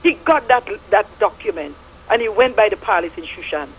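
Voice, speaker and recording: A woman's voice: mid-range voice, lively intonation, a little fast, husky, rough recording. A middle-aged woman with a Statian Caribbean English accent, calling in to a radio show and giving fervent, preachy testimony with biblical references. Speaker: radio caller. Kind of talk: impassioned call-in testimony.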